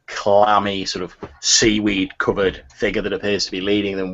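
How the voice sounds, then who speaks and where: A man's voice: low-pitched, fairly bright tone. A man narrating as game master, describing scenes with small restarts. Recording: lo-fi audio.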